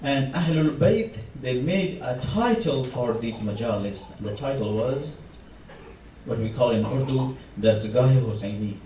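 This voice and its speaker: Male preacher, mellow dark tone, impassioned delivery, distant mic in a reverberant mosque hall. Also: medium pitch, expressive, a little slow, slight background noise. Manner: impassioned, rising emphasis on repeated phrases. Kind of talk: sermon. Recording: echoey hall, mic from far off.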